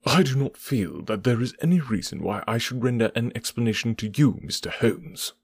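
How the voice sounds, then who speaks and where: A man's voice: mid-range voice, expressive, normal speed, gravelly, breathy edge, no room sound, clean studio sound. A man voicing a stern, curt middle-aged male doctor who turns furious, with clipped, cold, formal replies. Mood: angry.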